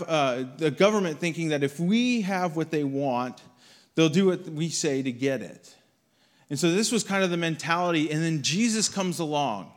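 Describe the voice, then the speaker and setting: Man telling a story in a sermon. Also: fairly high pitch. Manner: storytelling, conversational, acts out quotes. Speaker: guest speaker. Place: church hall with audience.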